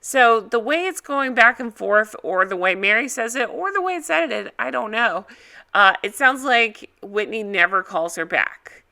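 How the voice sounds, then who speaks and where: A woman's voice: a little high, expressive, normal speed, creaky, pushed and bright. A woman hosting a reaction video, giving a casual, blunt and opinionated recap.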